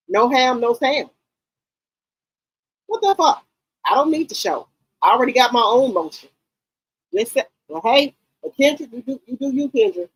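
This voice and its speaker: An outspoken woman in her late forties or fifties hosts a gossip chat. Her voice sits a little high and husky, and it swings up and down in lively swoops. The sound is dry and close. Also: no echo, poor audio. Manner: animated, outspoken and profane. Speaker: gossip channel host. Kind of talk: casual commentary to viewers.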